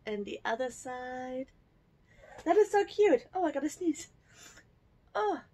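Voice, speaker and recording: A woman's voice: high-pitched, big pitch swings, a little slow, warm tone. A woman from Germany chatting casually as she unboxes a subscription box at home, cooing over the cute items and giggling often. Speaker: unboxing vlogger.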